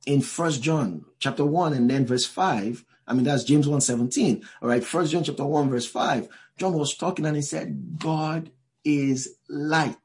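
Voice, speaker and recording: A man's voice: a little high, moderate pace, few pauses, a little mellow. A man preaching a sermon to a live congregation in a church. He talks in a loose, conversational way, drops in many asides and asks the listeners questions directly. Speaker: pastor.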